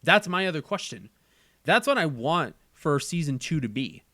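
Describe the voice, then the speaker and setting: A man's voice: a little high, big pitch swings, moderate pace, pushed and bright, dry recording. A man hosting a casual chat, talking earnestly and repeating phrases as he works through his thoughts. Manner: earnest, repeats phrases while thinking aloud. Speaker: channel host.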